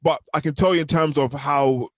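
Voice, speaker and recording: A man's voice: on the high side, fairly even intonation, moderate pace, dry recording, studio quality. A young man from the United Kingdom, a rapper chatting casually in an interview and filling his talk with "you know what I mean". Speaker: rapper guest.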